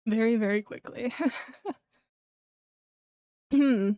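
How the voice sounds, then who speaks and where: A young adult woman streaming live, her voice a little throaty after eating, chatting casually and clearing her throat often. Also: fairly high pitch, slow, dark tone, dry recording.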